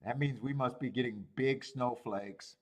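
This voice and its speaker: A man hosting a horse racing betting livestream, chatting casually in an animated way, swearing, laughing and rambling with restarts. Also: medium pitch, measured pace.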